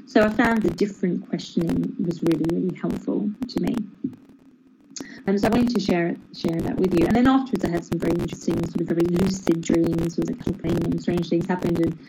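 A woman sharing her meditation experience in a reflective, searching way, often pausing and restarting. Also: on the low side, steady tone, vocal fry. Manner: reflective and searching, many hesitations. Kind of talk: personal sharing about meditation practice. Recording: noisy recording with clicks.

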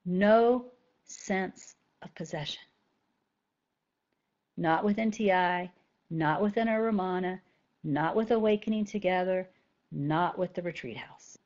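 A woman's voice: fairly low pitch, a little slow, long pauses, darkish tone, muffled recording. A woman spiritual teacher talking conversationally to a group of students and often checking in with "right?".

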